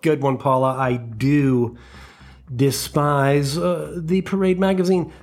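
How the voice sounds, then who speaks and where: A man hosting a comedy podcast, ranting in an animated, profane, mock-outraged monologue into a close mic. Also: a little high, slow pace.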